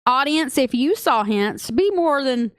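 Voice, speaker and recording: A woman with a Texan accent co-hosting a casual podcast chat, excitable and gushing, laughing often. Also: high voice, a little slow, smooth, no echo, studio quality. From Texas. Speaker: podcast co-host.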